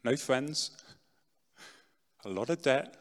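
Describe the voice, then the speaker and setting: A middle-aged man giving a dramatic personal testimony talk, swinging from loud, pushed lines to hushed ones. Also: medium pitch, slow pace. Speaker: speaker telling his testimony. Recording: long reverb in a large hall.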